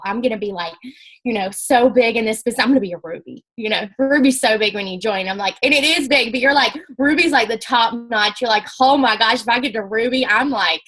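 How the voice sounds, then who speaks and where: A young woman speaking at a business talk, telling her story in a chatty, animated way and acting out the quotes. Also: fairly high pitch, poor audio. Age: young adult. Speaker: network marketing speaker.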